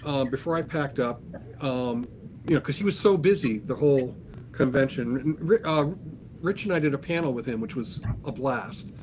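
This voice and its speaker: An older man telling a long story in casual talk, animated, acting out the voices of the people he quotes. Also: medium pitch, normal speed, a little hiss or hum. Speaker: guest artist.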